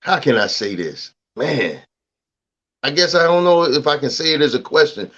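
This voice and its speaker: A man's voice: a little high, animated, normal speed, fairly bright tone. A man co-hosting a podcast, speaking reflectively in casual discussion and searching for his words. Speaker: podcast co-host. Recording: dull lo-fi sound.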